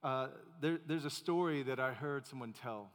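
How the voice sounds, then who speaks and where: Pastor telling a story in a reverberant church. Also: male voice, medium pitch, normal speed. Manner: conversational with many fillers and restarts. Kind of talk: sermon storytelling. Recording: long hall reverb.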